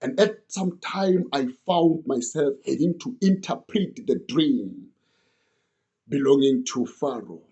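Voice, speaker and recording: A man's voice: medium pitch, lively intonation, slow pace, warm tone, highs cut off. A young man earnestly retelling an old story in the first person, as if he lived it.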